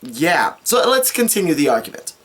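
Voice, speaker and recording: A woman's voice: deep voice, sing-song, normal speed. Exasperated woman ranting in commentary. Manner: exasperated, ranting, self-critical. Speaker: commentary video creator.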